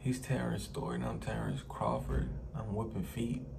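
Man from New Orleans, low gravelly voice, casual reaction talk, noisy recording. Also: moderate pace. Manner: relaxed, talks to viewers, repeats lines he likes. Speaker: music reaction host.

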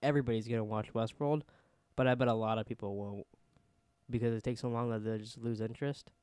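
A man's voice: mid-range voice, steady tone, fast talker, warm tone, clean tone, dry recording. A man co-hosting a casual podcast, chatty and rambling, laughing often. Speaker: podcast co-host. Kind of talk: casual chat.

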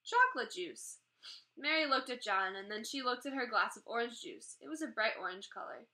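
A woman reading a children's chapter book aloud, gently voicing the characters as she goes. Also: fairly high pitch, expressive, a little fast, rough recording. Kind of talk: read-aloud storytelling.

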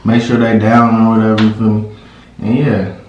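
A man's voice: fairly low pitch, completely flat delivery, normal speed, a little mellow, recorded from a distance, muffled recording, slight background noise. A young man in a casual vlog, teasing and pleading with his girlfriend and repeating himself over and over. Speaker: vlogger. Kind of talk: casual playful chat. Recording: echoey room, off-mic.

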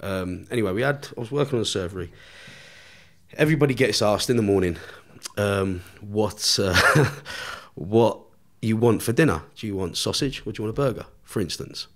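A man's voice: on the low side, moderate pace. A man telling a long story as a podcast guest, swearing constantly and laughing as he goes. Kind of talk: storytelling in casual chat.

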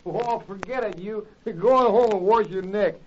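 Guy doing a goofy flustered teen, high voice, blustery. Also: moderate pace, natural voice. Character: goofy lovestruck teen boy, easily flustered. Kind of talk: 1940s radio acting. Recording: dull old radio recording with faint hiss.

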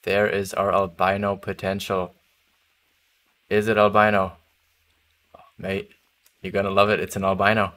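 A man's voice: deep voice, monotone, moderate pace, long pauses, a bit bright. A young man chatting casually while streaming a hunting game, laughing easily and trailing off mid-thought. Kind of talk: casual gaming chat.

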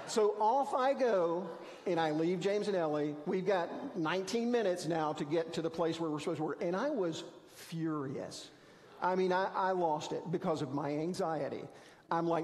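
A man's voice: high voice, normal speed, big-room sound. A man preaching a sermon as pastor, telling stories in a conversational, self-deprecating way. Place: church sanctuary.

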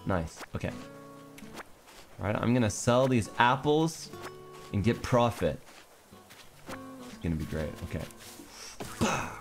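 A man's voice: fairly low pitch, very animated, unhurried, pauses often, soft background music. A young man streaming a cartoon life game, chatting casually and thinking aloud as he plays. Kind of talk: casual gameplay commentary.

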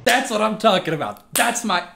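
A man doing reaction commentary on videos, animated and sarcastic with lots of jokes. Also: high-pitched, moderate pace, creaky.

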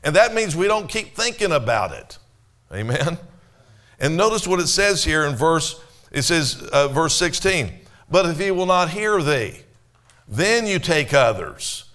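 A man's voice: a little high, big pitch swings, a little slow, bright, forceful tone. A man preaching a sermon in a church, talking to his congregation in a conversational way, with rhetorical questions and quoted scripture. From Canada. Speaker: pastor.

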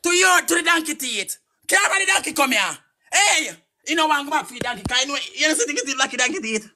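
Loud cursing woman, high and bright. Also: lively intonation, quick pace. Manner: loud, cursing, shouting insults. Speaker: vlogger. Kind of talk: heated argument.

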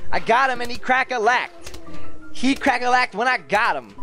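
A man's voice: very high-pitched, moderate pace, sharp tone, faint music behind. A man hosting a casual gameplay video with his young son, talking in a playful, goofy, teasing way.

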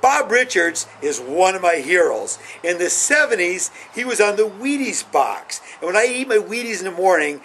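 A middle-aged man with a high voice hosts his own videos, rambling casually through sports stories and saying "anyhow" again and again. He acts out quotes in a rising, excited voice during this storytelling monologue, and the poor audio carries a little hiss or hum.

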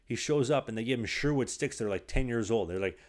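Lively man telling stories. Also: mid-range voice, quick pace. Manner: animated storyteller, full of "like". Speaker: podcast host. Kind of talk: casual podcast chat. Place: small apartment.

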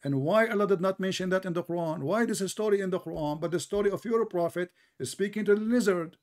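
A man argues in a heated online debate, his voice sitting a bit high. He is sarcastic and mocking, and he talks over the other side in broken English. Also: quick pace, a little mellow. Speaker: debate host.

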